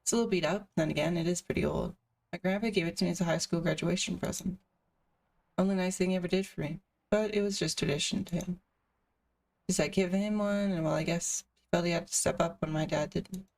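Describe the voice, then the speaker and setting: A woman's voice: lowish voice, fairly even intonation, brisk, vocal fry, a little mellow, distant mic. A woman streamer reading a visual novel aloud, with casual asides between the narration.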